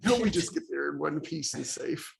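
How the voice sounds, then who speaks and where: A man's voice: fairly high pitch, lively intonation, normal speed, vocal fry, a little hiss or hum. An American man, the dungeon master, chatting casually as he wraps up a game stream, with many fillers and restarts.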